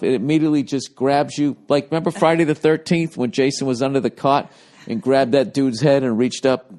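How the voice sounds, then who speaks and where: A man's voice: mid-range voice, normal speed, a little mellow. A man hosting his podcast, rambling through a profane, self-mocking monologue in casual chat. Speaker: podcast host.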